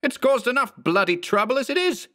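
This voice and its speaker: A frantic balding man in his thirties , as a male narrator voices him, yelling and cursing at a high, strained pitch. He sounds cornered and furious throughout this horror audiobook reading. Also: lively intonation, moderate pace, creaky, heavily acted. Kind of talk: audiobook character voice.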